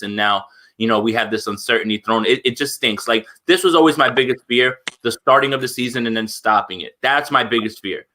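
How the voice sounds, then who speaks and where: A man's voice: mid-range voice, sharp tone, slight background noise. A man co-hosting a sports podcast, giving earnest opinions in a casual, thinking-aloud way. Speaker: podcast co-host. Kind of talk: casual chat.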